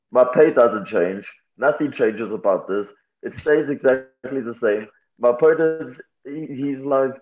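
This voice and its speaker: A man who fights MMA chats as an interview guest in a casual, candid, reflective way and laughs readily. His mid-range voice is expressive and moderately paced, and the audio has a tinny, phone-like quality.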